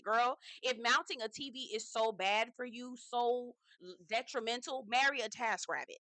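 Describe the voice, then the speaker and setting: A woman's voice: a little high, moderate pace, few pauses, bright, forceful tone, no room sound. A young woman giving a sassy, blunt, swearing recap of a reality TV episode. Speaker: TV recap reviewer.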